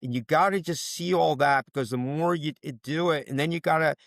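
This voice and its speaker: A man's voice: fairly high pitch, a little fast, gravelly, a bit bright, no echo. A middle-aged man from the DC area, a basketball official giving coaching advice in an interview, emphatic and repeating his key points.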